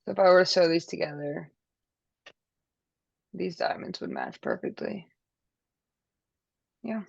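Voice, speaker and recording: A woman with a gravelly, fry-edged voice walks viewers through a quilting block, talking casually while she works. The sound is dull and lo-fi, and the room is dry with no echo. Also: fairly low pitch, wildly swooping pitch, measured pace. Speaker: quilting instructor. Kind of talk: live online sewing demonstration.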